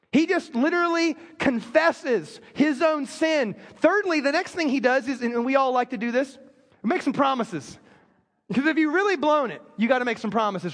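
High-voiced man preaching in a hall. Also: fairly bright tone. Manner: storytelling with joking asides. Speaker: pastor. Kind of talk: sermon. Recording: long reverb of a large hall.

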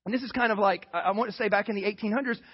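A man's voice: sits high, rapid-fire, slightly rough, muffled recording. A man preaching a casual sermon as a pastor, often asking the congregation to answer back. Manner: casual, asks the congregation to respond. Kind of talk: conversational sermon.

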